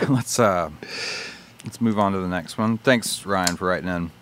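Man, podcast co-host, low voice, relaxed joking banter, faint background hiss. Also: measured pace. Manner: laid-back, joking, swears casually. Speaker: podcast co-host reading listener mail. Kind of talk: casual chat.

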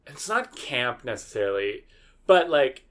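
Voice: mid-range voice, very animated, measured pace. A podcast co-host in casual chat, building opinions in long, rambling sentences.

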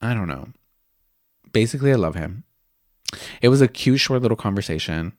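A man's voice: lowish voice, normal speed, dry recording, clean studio sound. A young man hosting a candid podcast, gushing and chatty, sometimes dropping into whispers. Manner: gushing, expressive, slips into whispers. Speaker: podcast host. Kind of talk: candid casual chat.

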